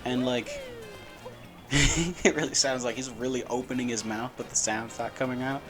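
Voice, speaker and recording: Casual male gameplay commentator, mid pitch, rambly and giggly, loud game music underneath. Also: fairly even intonation, moderate pace. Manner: rambling, laughing, repeats words. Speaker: gaming channel host.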